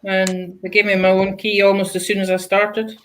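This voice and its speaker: A woman's voice: mid-range voice, level tone, normal speed, fairly bright tone, slight background noise, rough recording. A woman joining a live stream on a video call, talking in a friendly, casual way. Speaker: stream participant. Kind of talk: casual chat.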